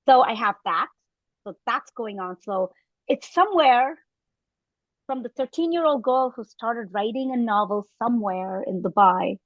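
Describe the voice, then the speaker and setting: A fifty-year-old woman tells her story as a podcast guest, acting out the people she quotes. Her voice sits fairly high. The sound is dry and a little muffled. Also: lively intonation, measured pace, no echo. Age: 50s. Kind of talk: casual storytelling interview.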